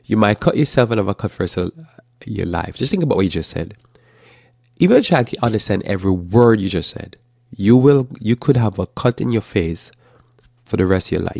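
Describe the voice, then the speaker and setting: A man hosting a live Bible teaching talk, speaking informally and acting out parents and children in quick asides. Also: deep voice, vocal fry, a little mellow, dry recording, clean studio sound.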